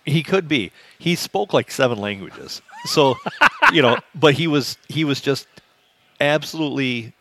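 A man's voice: a little high, huge pitch swings, a little slow, a bit bright. A man co-hosting a podcast, telling dry, offhand anecdotes in casual chat.

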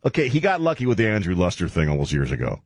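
A man hosting a comedic radio talk show, riffing and mocking with a husky voice. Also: low-pitched, huge pitch swings, very fast, no echo. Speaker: radio host.

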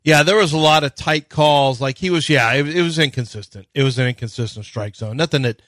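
A man co-hosting sports radio, breaking down pitching in an analytical way. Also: brisk, a bit bright, no room sound. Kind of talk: casual sports talk.

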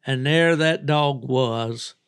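A man's voice: medium pitch, takes it slowly, clear, resonant tone, no room sound, studio quality. An older man from southern West Virginia, hosting a podcast and telling rambling folksy stories with frequent chuckles. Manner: folksy, rambling storyteller who laughs often. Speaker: podcast host. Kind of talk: casual storytelling chat.

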